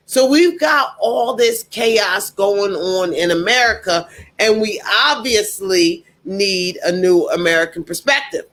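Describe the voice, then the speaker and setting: With a medium-pitched, pushed, bright voice, a political commentator speaks directly to viewers in an opinionated monologue. Indignant and emphatic, he hammers home his points by repeating them.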